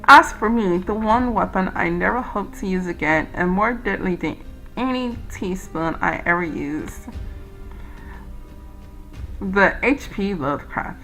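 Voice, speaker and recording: A woman reading a gentle, whimsical tea-room lady. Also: mid-range voice, lively intonation, unhurried, faint music behind, low-quality recording.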